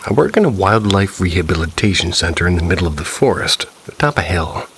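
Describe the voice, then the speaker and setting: Male narrator, very low and gravelly, calm measured read of ghost stories. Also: a little hiss or hum, poor audio. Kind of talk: scripted narration.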